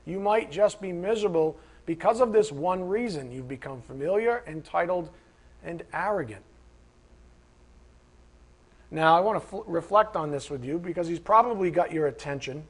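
A man's voice: fairly high pitch, expressive, normal speed, slightly rough. A man preaching a sermon in a conversational, emphatic way, acting out imagined voices of his listeners.

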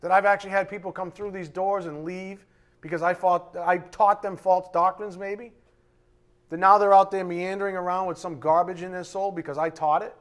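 A male pastor preaching an emphatic, fiery sermon in a church, then dropping to a quiet, hushed prayer. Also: high voice, fairly even intonation, normal speed.

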